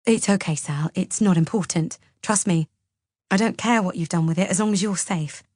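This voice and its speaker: A woman voicing a worried young husband who talks softly and pleadingly. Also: lowish voice, moderate pace, no echo, clean studio sound, close to an everyday voice. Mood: gentle.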